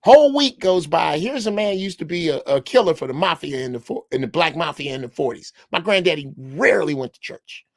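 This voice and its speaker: A man's voice: a little high, expressive, brisk, few pauses, dry recording, studio quality. A man in his sixties from Chicago, telling a story on a podcast in a blunt, profane way. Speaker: podcast panelist. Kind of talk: casual chat.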